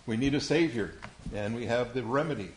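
A man's voice: medium pitch, brisk, noisy background. A man teaching a Bible lesson to young listeners, quizzing them patiently and calling on them by name.

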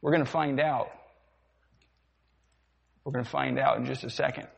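A man's voice: mid-range voice, fairly even intonation, normal speed, vocal fry. A man preaching a sermon, asking rhetorical questions and repeating them for effect. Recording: dull sound, long hall reverb.

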